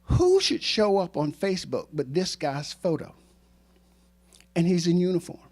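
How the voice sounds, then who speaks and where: An older man in his sixties, a former teacher and coach, tells a true story to a live audience. He delivers it in an animated, joking way, poking fun at himself. His voice sits fairly high and swoops up and down a great deal. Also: unhurried. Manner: animated, joking, self-mocking asides.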